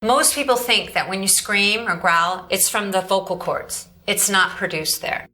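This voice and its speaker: A woman teaching a vocal lesson in a clear, bright voice, explaining step by step and coaxing her student to repeat each sound back. Her pitch sits in the middle for a woman. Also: unhurried. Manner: directive, demonstrates growls and coaxes the student. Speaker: vocal coach. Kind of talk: instructional demonstration.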